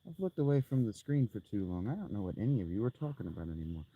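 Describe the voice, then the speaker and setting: A man's voice: lowish voice, sing-song, fast talker, breathy edge, no room sound, narrow, tinny audio. A man streaming a game who jokes, rambles and talks himself through the play in casual chatter.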